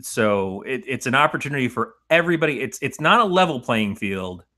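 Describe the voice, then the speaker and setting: A middle-aged man co-hosting a horror movie podcast in casual chat, animated and profane, rambling through his points. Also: mid-range voice, fairly quick. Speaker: podcast co-host.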